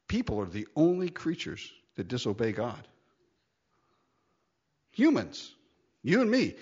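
Man, preacher, animated sermon, laughs a lot, swinging pitch, dull recording. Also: breathy edge. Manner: animated, laughing often, acting out quotes. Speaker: pastor.

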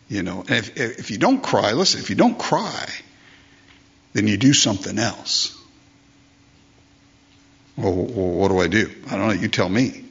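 A man's voice: lowish voice, creaky, a bit bright, husky, lo-fi sound. An older man preaching a sermon as pastor, emphatic, repeating phrases and asking rhetorical questions.

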